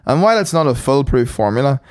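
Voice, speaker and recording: A man's voice: medium pitch, sing-song, quick pace, dry recording, studio quality. A man co-hosting a podcast, swearing and laughing as he reads a list aloud. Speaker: podcast co-host. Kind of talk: casual chat.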